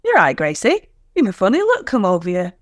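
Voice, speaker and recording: A woman's voice: mid-range voice, wildly swooping pitch, brisk, no room sound, clean studio sound. A woman playing a blunt, matter-of-fact middle-aged neighbour in a radio sitcom.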